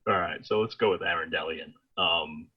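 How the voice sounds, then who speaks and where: A man's voice: deep voice, moderate pace, slightly rough, dull audio. A man co-hosting a casual film review podcast who talks animatedly and acts out scenes in quoted voices. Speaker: podcast co-host.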